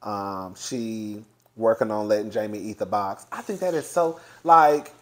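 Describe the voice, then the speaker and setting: A man's voice: fairly low pitch, measured pace. A young man giving a sassy, chatty review of a reality TV show, swearing freely and laughing often as he talks. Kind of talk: casual commentary.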